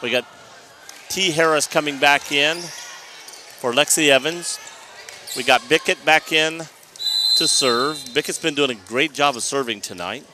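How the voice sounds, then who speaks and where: A man doing live play-by-play commentary of a high school volleyball match, chatty and rambling, often restarting his sentences. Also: measured pace, long pauses. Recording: noisy gym ambience. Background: gym noise, balls bouncing.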